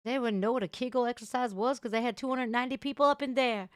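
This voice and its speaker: A woman hosting a casual livestream, chatting loudly and crudely with her viewers. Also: on the high side, fast, dry recording, studio quality. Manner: loud, bubbly, crude banter with viewers. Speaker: livestream host.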